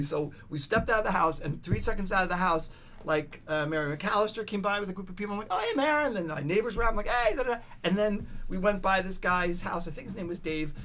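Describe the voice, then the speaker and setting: A man's voice: high voice, a bit bright, slight background noise. Rambling older man telling stories. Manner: rambling, restarts a lot, swears, acts out quoted voices. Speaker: podcast guest. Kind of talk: casual storytelling chat.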